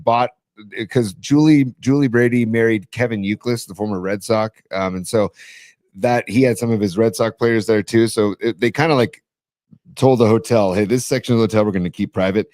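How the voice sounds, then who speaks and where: Mid-pitched male podcast co-host. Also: no echo, studio quality. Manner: storytelling, rises to excited emphasis. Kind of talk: casual chat.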